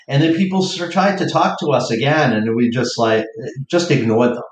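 A man's voice: medium pitch, animated, moderate pace, reverberant, slight background noise, low-quality recording. A man with a Boston accent, telling a wry story in casual chat and lifting his voice when quoting people. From Boston area.

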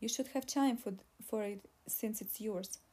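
A woman reads an audiobook, voicing a pregnant young woman who pleads and argues. Her voice sits in the mid-range with a darkish, breathy tone, moving at a moderate pace and acted only lightly. The mood is pleading, and her delivery is insistent.

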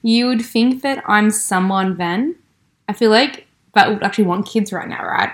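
A woman's voice: medium pitch, moderate pace. Chatty young woman, laughing storyteller. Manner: chatty, laughs often, acts out quoted lines. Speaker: podcast co-host. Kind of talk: casual chat.

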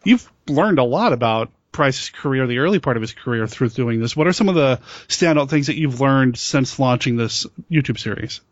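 A man's voice: mid-range voice, expressive, moderate pace, hardly any pauses, dry recording, lo-fi sound. A man hosting a casual podcast chat, asking friendly questions and laughing easily. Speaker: podcast host, interviewer.

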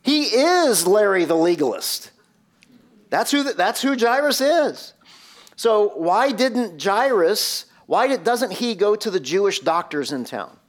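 Casting: male pastor, slow deliberate sermon delivery, slightly high voice, emphatic rhetorical questions. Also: big pitch swings.

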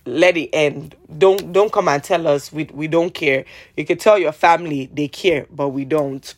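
A Nigerian woman vlogger rants heatedly at a moderate pace, exasperated and throwing sarcastic jabs. She keeps repeating her pleas, lurching from loud outbursts to low mutters in this rant vlog.

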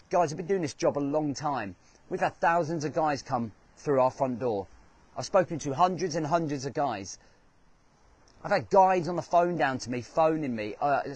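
A man hosting a motivational talk, his voice sitting a little high for a man. He speaks earnestly and drives his points home by repeating key phrases. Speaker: host.

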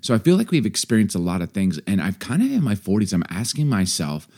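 A man in his forties co-hosting a casual chat, animated and excitable, voice jumping high when worked up. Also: fast talker. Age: 40s. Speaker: podcast co-host and pastor.

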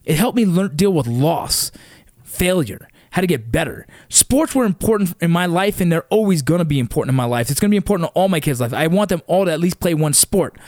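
A man's voice: on the high side, animated, a little fast, darkish tone, dry recording, studio quality. A middle-aged man, a father, telling a heated, profane story about his kids' sports in a blunt casual way. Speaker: father of wrestling kids.

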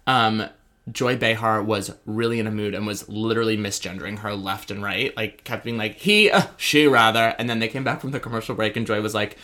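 A man's voice: on the low side, steady tone, fairly quick, pushed and bright. A man co-hosting a casual pop-culture chat, campy and gossipy, full of "like". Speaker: podcast co-host.

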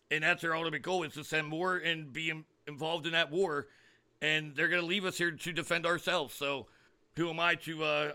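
A man hosting a political commentary podcast, sarcastic and ranting. His voice is sharp and forceful, sitting a little high. He talks with plenty of fillers and restarts. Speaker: podcast host.

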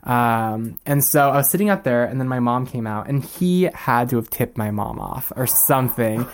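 Animated young man telling a story. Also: mid-range voice, normal speed, slight background noise. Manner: animated, acts out the people he quotes. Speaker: podcast guest. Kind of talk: casual storytelling.

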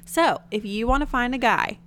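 A woman's voice: fairly high pitch, moderate pace, fairly bright tone, clean tone. A young adult woman with a Southern US accent, co-hosting a podcast in casual chat, bubbly and giggly. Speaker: podcast co-host.

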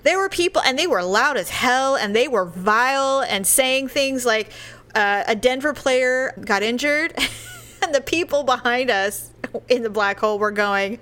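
Woman chatting, animated story, slightly high voice, goes loud and big for impressions. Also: measured pace. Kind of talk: casual chat.

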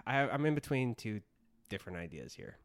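A man's voice: fairly low pitch, sing-song, moderate pace, no room sound. A man co-hosting a casual movie review chat, exasperated and profane, breaking into laughs. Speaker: movie review podcast co-host.

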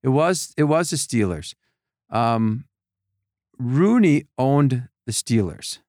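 A man telling animated stories in a casual chat, acting out other people's voices with lots of restarts. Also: mid-range voice, slow, dry recording, studio quality. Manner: animated storyteller, acts out voices, many restarts. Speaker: podcast guest telling stories.

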